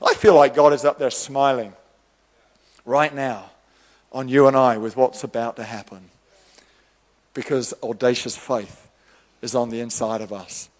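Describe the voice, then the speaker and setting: A man preaching a sermon, animated, acting out the voices of the people he quotes. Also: mid-range voice, a little slow, pauses often, in a large hall. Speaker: pastor.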